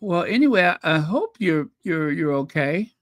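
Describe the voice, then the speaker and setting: A man's voice: a little high, very animated, moderate pace, no echo, studio quality. A man hosting a casual livestream, reading viewers' messages aloud in a chatty, apologetic way and laughing nervously. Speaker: channel host reading live chat.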